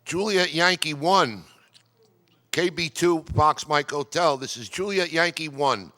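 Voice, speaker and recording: A man voicing a polite, cordial king speaking on a radio call, with an unusual foreign accent and a measured, gracious manner. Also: on the high side, sharp tone. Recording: long reverb in a hall.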